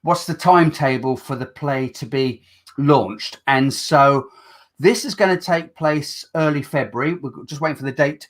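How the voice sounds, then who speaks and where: A man's voice: a little high, moderate pace. A man with a Black Country accent hosting a casual talk show, theatrical and upbeat. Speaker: host. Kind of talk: casual chat.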